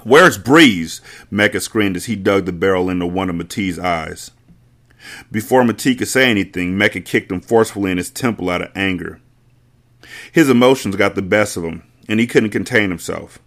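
A man with a fairly low voice reading a novel aloud in a casual way. He stops often for blunt, swearing asides to his listeners. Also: brisk. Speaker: podcast host reading a novel. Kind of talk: casual read-aloud with commentary.

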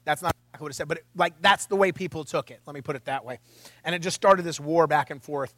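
Man, pastor, high voice, chatty sermon podcast, wry asides, dry close sound. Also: fast talker, a bit bright, dry recording.

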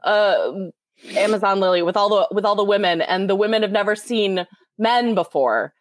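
A woman voice actor chatting casually on a convention panel, a giggly and animated storyteller. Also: mid-range voice, moderate pace, dry recording, clean studio sound.

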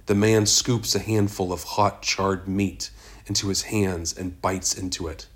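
Low, slow-reading male narrator. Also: steady tone. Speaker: audiobook narrator. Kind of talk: first-person story narration.

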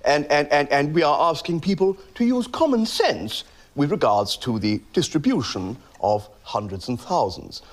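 A man's voice: a little high, very animated, moderate pace. A man doing a bumbling, stammering prime minister. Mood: blustering. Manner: stammering, blustering, repeating words. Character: comic impression of a bumbling prime minister addressing the nation. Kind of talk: played clip of a comedy sketch.

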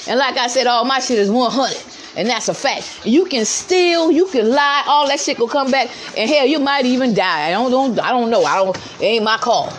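A woman's voice: fairly high pitch, moderate pace, a little hiss or hum. A woman in her fifties ranting bluntly and profanely in a voice message. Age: 50s.

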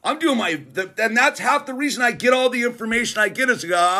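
A middle-aged man hosting his own channel, giving a casual motivational monologue in a slangy, laid-back way, speeding up and slowing down for emphasis. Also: extremely high pitch. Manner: laid-back slangy, keeps saying "dude"; animated, swings between fast bursts and slow emphasis. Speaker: channel host.

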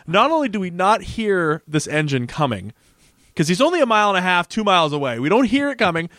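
A man's voice: high-pitched, very animated, fast talker, a bit bright, no echo, studio quality. A man co-hosting a podcast, chatting casually and gushing with laughing, swearing enthusiasm as he recaps an episode. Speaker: podcast co-host.

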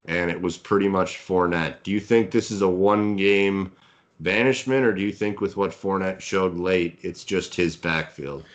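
Deep-voiced male podcast co-host, relaxed analytical football chat. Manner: hedging, filler-heavy, analytical. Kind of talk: casual sports analysis chat.

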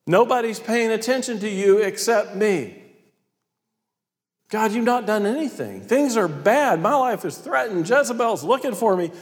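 A preacher doing Elijah, raised and pleading. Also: male voice, high-pitched, lively intonation, normal speed, pitched above the performer's own voice. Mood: despairing. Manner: pleading, exasperated questions. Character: frightened, complaining male prophet Elijah. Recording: long hall reverb.

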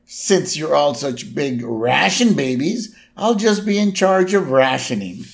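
A man voicing a loud, bumbling middle-aged cartoon father, high-pitched and whooping. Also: huge pitch swings, slow pace, creaky, exaggerated voice. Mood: huffy. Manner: whooping, much higher and louder than his own voice.

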